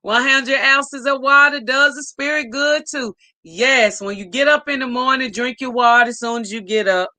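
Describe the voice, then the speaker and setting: Bright, effusive woman hosting a live stream. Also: high-pitched, moderate pace, hardly any pauses, dry recording. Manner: reads viewer comments aloud, upbeat and effusive. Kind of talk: casual live stream chat.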